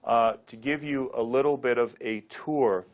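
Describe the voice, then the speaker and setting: A man's voice: mid-range voice, fairly even intonation, measured pace, dull audio. A man teaching a Sanskrit pronunciation class, drilling syllables aloud for students to repeat. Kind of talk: classroom lecture.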